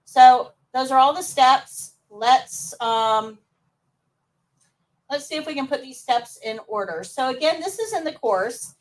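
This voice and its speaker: Female instructor, high voice, upbeat classroom teaching, mic set back from her. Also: lively intonation, measured pace, distant mic, rough recording. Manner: upbeat, coaxing students to answer. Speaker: nursing assistant instructor. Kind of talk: live classroom lesson.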